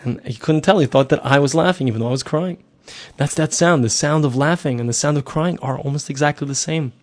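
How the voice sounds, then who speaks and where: A man's voice: fairly high pitch, a little fast. Earnest middle-aged male Torah teacher. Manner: earnest, repetitive explaining with rhetorical questions. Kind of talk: spoken Torah lesson.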